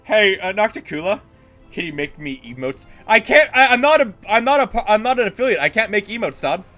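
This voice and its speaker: A man streaming a game live, talking excitedly and stammering as he chats with viewers. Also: high voice, a little fast, faint music behind. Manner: excitable, stammering, swears casually.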